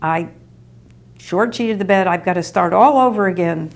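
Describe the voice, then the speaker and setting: Gravelly older woman telling stories. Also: fairly low pitch, normal speed. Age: 60s or older. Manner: rambling and anecdotal with small laughs. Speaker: storyteller. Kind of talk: reminiscing oral history.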